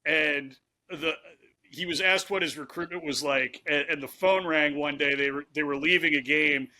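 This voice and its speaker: A male podcast host with a bright, forceful tone and a fairly high voice. He talks casually and frames his questions with long anecdotes. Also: steady tone, moderate pace. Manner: conversational, asks long setup questions. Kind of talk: casual interview.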